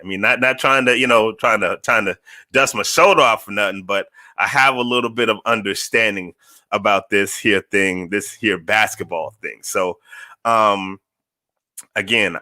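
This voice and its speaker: Male podcast host, lowish voice with a forceful edge, loose and chatty, repeats himself for emphasis. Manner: energetic, conversational, repeats phrases for emphasis. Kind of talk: casual solo podcast monologue.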